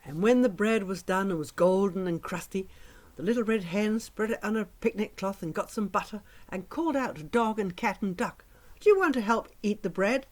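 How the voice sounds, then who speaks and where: A woman telling a children's story in an expressive, sing-song way, dropping to hushes for drama. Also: mid-range voice, moderate pace. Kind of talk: oral storytelling for young children.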